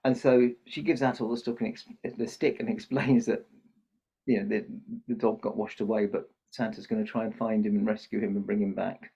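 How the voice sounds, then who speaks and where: In muffled, lo-fi podcast audio, a brisk older man speaks in a lowish, flat, creaky voice that is mellow and husky. He makes his living as Santa and is telling a children's story in an interview, acting out the characters.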